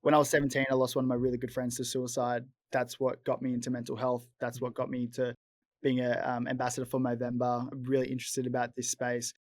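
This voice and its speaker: A man's voice: mid-range voice, completely flat delivery, fast talker, dry recording. A young Australian man in a casual interview, chatty and upbeat, often calling people mate. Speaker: guest, former rugby league player.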